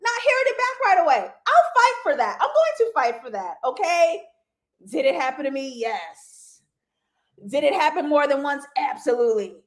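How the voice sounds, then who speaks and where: A young woman hosting a live TV review, talking straight to her viewers in a loose, slangy way. Her voice sits a little high for a woman. She laughs often and tosses in asides as she breaks down the episode. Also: big pitch swings, moderate pace. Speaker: TV review show host. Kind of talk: casual live review chat.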